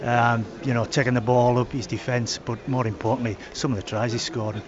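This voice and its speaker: Rugby pundit guy on radio, lots of uh and restarts, crowd loud behind, muffled audio. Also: medium pitch, little pitch movement. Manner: halting, many fillers and restarts. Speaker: expert co-commentator. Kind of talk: radio match analysis. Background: stadium crowd.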